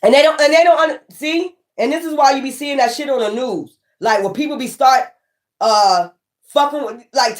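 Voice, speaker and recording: Emphatic, cussing tarot reader woman. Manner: emphatic, rambling, swears freely; swings between raised, near-shouted lines and low muttering. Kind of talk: casual spiritual reading to viewers.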